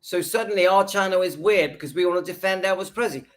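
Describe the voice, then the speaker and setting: A man speaks in a notably high voice, hosting his own channel. He rants with indignant emphasis in a reaction video and keeps hammering the same points. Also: fast talker. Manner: indignant, emphatic, repeats himself. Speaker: YouTube channel host.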